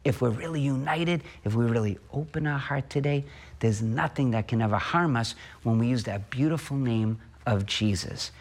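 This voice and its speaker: A man preaching a homily as a priest, earnest, asking and answering his own questions and slowing down on key phrases. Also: medium pitch.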